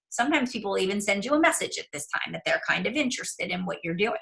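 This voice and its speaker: Bright chatty woman coach. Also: medium pitch, expressive, fast talker, gravelly, poor audio. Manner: chatty, talks to herself aloud, many "right?" tags. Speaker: business coach. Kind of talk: coaching call presentation.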